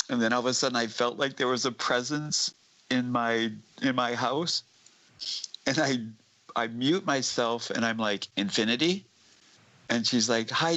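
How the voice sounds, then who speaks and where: A man guesting on a live stream, telling a spooky personal story in a halting way, with many restarts. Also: mid-range voice, sharp tone, rough recording.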